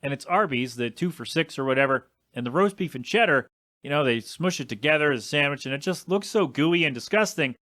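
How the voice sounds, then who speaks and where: A man's voice: fairly high pitch, animated, fairly quick, a bit bright, no echo, studio quality. A young adult man hosting a casual solo podcast, rambling and complaining in an exasperated way with some swearing. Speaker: podcast host.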